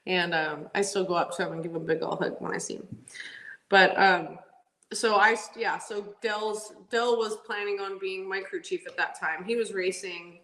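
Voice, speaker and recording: A woman race car driver, a podcast guest, telling stories in a lively, laughing way with lots of "like" fillers. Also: mid-range voice, normal speed. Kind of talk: casual storytelling interview. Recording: roomy echo.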